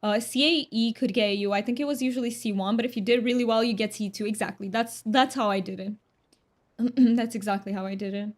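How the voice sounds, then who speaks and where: A woman's voice: fairly high pitch, brisk. A woman chatting casually while streaming a game, laughing often and repeating her words as she goes. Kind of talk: casual live-stream chat.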